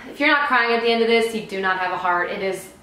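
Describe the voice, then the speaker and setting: A young woman vlogger telling a personal story in a chatty, excited way with frequent laughs, recorded in a very echoey room. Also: on the high side, fairly quick. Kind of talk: casual storytime.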